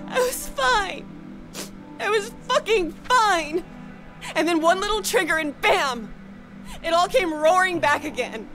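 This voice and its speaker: An actress playing a troubled young woman haunted by her past, guarded and tense, quick to shout, in a video game. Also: extremely high pitch, animated, soft background music, exaggerated voice. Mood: distraught. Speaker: main character.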